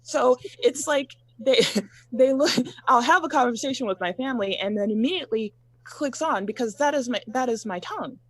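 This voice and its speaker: A woman in a casual panel discussion, telling personal stories in a measured way, pausing often. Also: high-pitched, no echo.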